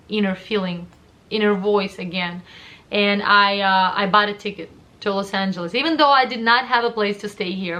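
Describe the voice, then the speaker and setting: A woman's voice: medium pitch, pushed and bright. A young woman from Russia, telling her personal story in a heartfelt, emotional way on a vlog. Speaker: vlogger.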